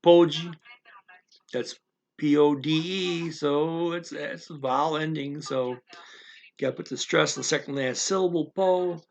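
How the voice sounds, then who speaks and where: A man teaching a casual language lesson, explaining slowly and haltingly with many fillers and repeated words. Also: a little high.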